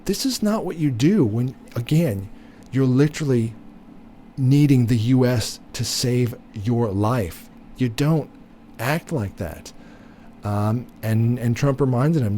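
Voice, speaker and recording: A man's voice: medium pitch, unhurried, dark tone, slight background noise. A man giving blunt, opinionated political commentary, repeating himself with many fillers and restarts. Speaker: commentary host.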